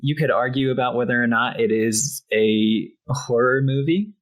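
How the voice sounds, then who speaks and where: A woman's voice: a bass voice, moderate pace. A woman co-hosting a podcast, chatting in an easygoing way with lots of fillers. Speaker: podcast co-host. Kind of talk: casual chat.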